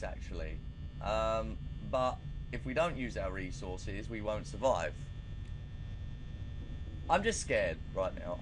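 Man, horror game commentary, slow drawn-out talk, jumpy and foul-mouthed, hissy background noise. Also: lowish voice. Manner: nervous, profane, self-mocking. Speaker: gaming channel host.

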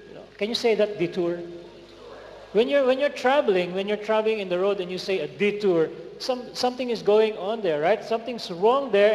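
Male guest preacher, high voice, energetic call-and-response, echoey hall recording. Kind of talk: sermon. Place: large hall. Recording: echoey hall with faint noise.

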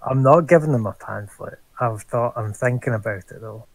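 A man, playing a tabletop game and thinking aloud in a hesitant way, with frequent pauses. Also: mid-range voice, gravelly, no room sound, rough recording. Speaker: player. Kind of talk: casual game table chat.

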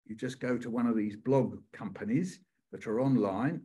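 An older man, a poet, telling stories and performing a poem with dramatic pauses. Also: mid-range voice, dark tone, breathy edge. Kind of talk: storytelling on a live online session.

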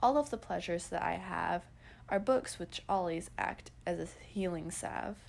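A teenage girl narrating old diary entries and poems in an earnest, expressive way. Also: on the low side, a little slow, vocal fry, slight background noise. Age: teens.

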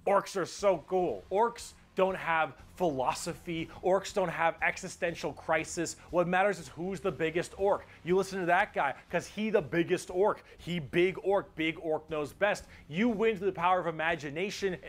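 A man with a somewhat high voice runs through a comedic explainer, excitable and profane. He keeps it jokey and loose, piling up rapid asides and crude punchlines. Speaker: video narrator. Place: played from a video inside a reaction stream.

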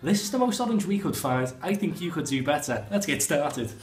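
Young male comic, mock-serious tutorial host, higher voice, roomy sound. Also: big pitch swings, a little fast. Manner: playful, mock-earnest presenter tone. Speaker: comedy vlogger. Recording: echoey room with faint music.

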